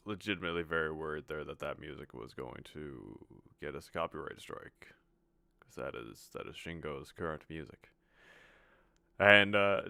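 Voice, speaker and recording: Super deep guy talking over a game stream, bright and dry, kinda reflective. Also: creaky, smooth, dry recording. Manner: earnest, reflective. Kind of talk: casual gameplay commentary.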